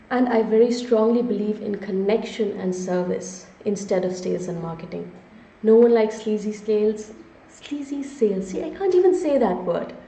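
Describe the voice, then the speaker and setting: A woman's voice: mid-range voice, warm tone. Upbeat woman hosting a live webinar. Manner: upbeat, frequent "okay?" check-ins with viewers. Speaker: webinar host and business strategist. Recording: echoey room, slightly dull lo-fi sound.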